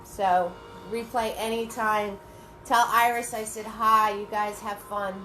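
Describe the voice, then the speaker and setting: A woman's voice: medium pitch, little pitch movement, takes it slowly, sharp tone, faint music behind, rough recording. A woman hosting a livestream painting class, chatting with viewers and greeting them by name. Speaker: paint party instructor.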